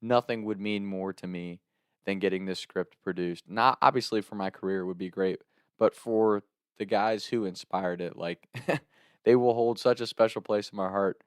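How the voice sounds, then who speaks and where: A man telling a comic story on his vlog, animated and profane, laughing between lines, and turning earnest when he thanks his viewers. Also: low-pitched, clear, resonant tone, no room sound, clean studio sound. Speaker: storyteller and content creator.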